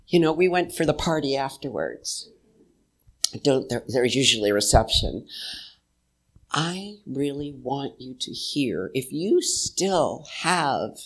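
Slow, reflective spiritual speaker. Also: mid-range voice. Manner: slow, reflective, conversational, with pauses; folksy, uses "y'all". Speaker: inspirational speaker. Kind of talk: spiritual talk to a live audience.

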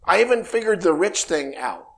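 A man's voice: sits high, animated, moderate pace, gravelly, a bit bright. A man in his fifties giving a reflective spiritual talk, meandering and acting out bits of dialogue. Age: 50s. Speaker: spiritual speaker.

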